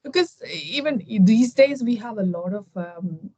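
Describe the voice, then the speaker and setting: A woman's voice: mid-range voice, lively intonation, a little slow, dark tone, no room sound. Indian woman chatting over a video call. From Kerala, India. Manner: thoughtful, many fillers and restarts. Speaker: guest. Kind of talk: casual conversation.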